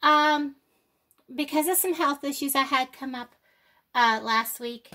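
A woman's voice: sits high, unhurried, sharp tone. An older woman vlogging, out of breath, with slightly off speech, rambling and apologetic with many ums. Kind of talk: casual chat to camera.

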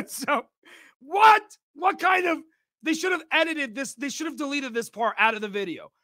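A man reacting to video clips, talking loudly, swearing and mocking what he watches. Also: no room sound, studio quality. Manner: loud, swearing, mocking, jumps in pitch. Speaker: reaction streamer. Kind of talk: profane reaction commentary.

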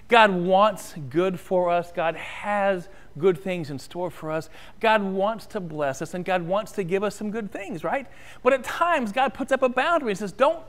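A man's voice: sits high, fairly bright tone. A man preaching a sermon and telling a story in a church sanctuary, then leading a prayer. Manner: storytelling, rising and falling, ends in prayer. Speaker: pastor.

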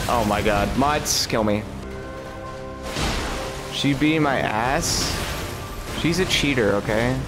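A young man streaming gameplay, commenting live with lots of swearing and sudden high-pitched outbursts of frustration. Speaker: game streamer.

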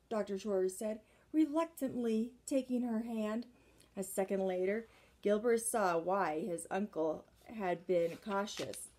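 A woman's voice: mid-range voice, warm tone. A woman reading a children's chapter book aloud, with chatty asides in between. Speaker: reader.

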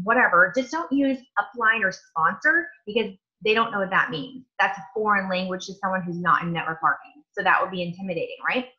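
A woman's voice: mid-range voice, pushed and bright, dull audio. A woman coaching her network marketing team in a casual, emphatic way, repeating words for stress.

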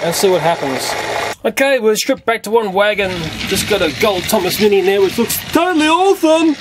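A middle-aged man with a high voice runs a hands-on toy demonstration, chatting to his viewers and chuckling as he goes. A loud mechanical whirr and background noise run under his voice throughout. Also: a little fast. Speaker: toy reviewer.

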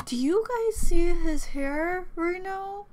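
A woman's voice: extremely high pitch, lively intonation, takes it slowly, a little mellow. A young woman gushing through a reaction video, with lots of repeated exclamations and half-finished words. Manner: gushing, breaks off mid-word, repeats exclamations. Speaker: reaction vlogger. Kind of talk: excited reaction commentary. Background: faint music from the video.

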